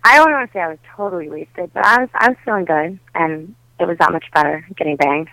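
This is a young woman from Wisconsin whose accent colours a bright, clear voice. She chats as a podcast guest, loose and giggly, leaning on "like" as she goes. The sound is dry and close. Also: on the low side, fast talker, dry recording, low-quality recording. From Wisconsin, USA. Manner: giggly, frank and loose, heavy on fillers like "like". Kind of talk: casual chat.

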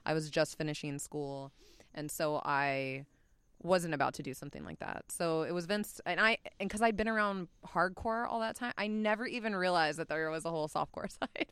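Chatty woman guest, smooth low voice. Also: moderate pace, a bit bright, no echo. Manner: chatty, laughs often, trails off and restarts. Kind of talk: casual storytelling chat.

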